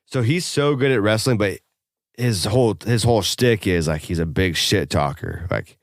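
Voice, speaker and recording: A man's voice: fairly low pitch, moderate pace, no room sound, clean studio sound. A man co-hosting a podcast, talking casually and profanely, rambling through a story with lots of fillers. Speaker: podcast co-host. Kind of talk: casual chat.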